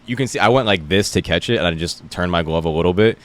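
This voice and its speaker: A man's voice: low voice, fast. A man in his twenties from New Jersey, a guest comedian on a podcast, chatting casually and acting out quotes in his stories. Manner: relaxed, animated storyteller who acts out quotes.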